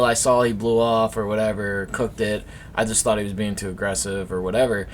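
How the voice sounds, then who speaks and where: Slangy, excitable young man co-hosting. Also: mid-range voice, normal speed, slight background noise. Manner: excitable, slangy, swears, animated storytelling. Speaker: co-host. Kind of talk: casual recap commentary over race footage.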